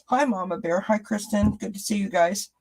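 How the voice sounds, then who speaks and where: A man's voice: high voice, normal speed, darkish tone, rough recording. A man hosting a casual live stream, chatting with viewers, reading out their comments and asking them rhetorical questions, often restarting his sentences.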